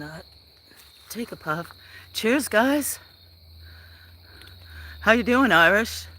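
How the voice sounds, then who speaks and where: A little high and somewhat bright, the voice belongs to a man rambling through a casual outdoor farm livestream with many fillers. There's slight background noise.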